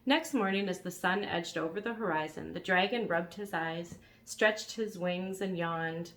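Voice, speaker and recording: A woman reading a children's storybook aloud in a calm, even narrating voice. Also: on the low side, a little slow, few pauses. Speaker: reader.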